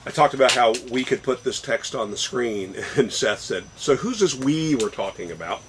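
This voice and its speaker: A man co-hosting a casual discussion show, speaking deliberately and stressing words one by one. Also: medium pitch, expressive, fairly bright tone, slight background noise. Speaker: podcast co-host.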